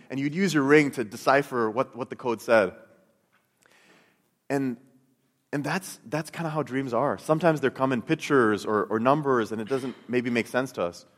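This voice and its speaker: A middle-aged man telling his personal faith testimony and teaching, earnest and storytelling, often repeating words as he goes. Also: medium pitch. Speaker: Christian speaker. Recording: long hall reverb.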